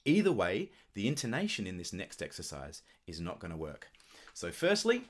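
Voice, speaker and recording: Lively-pitched man teaching clarinet technique. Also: moderate pace. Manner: relaxed, thoughtful explaining with occasional fillers. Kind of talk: instructional video talk.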